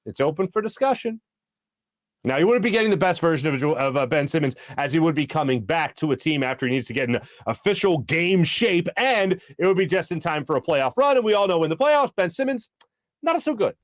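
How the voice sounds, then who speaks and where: A man hosting a sports talk show, talking fast and breaking into quick impressions when he quotes people. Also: a little high, no echo, clean studio sound. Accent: Philadelphia. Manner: animated, jumps into voices for quotes. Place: studio.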